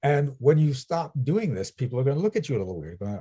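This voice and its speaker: Warm, husky male business coach. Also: mid-range voice, big pitch swings, fairly quick. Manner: storytelling, asks "right?" often. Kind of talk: coaching session.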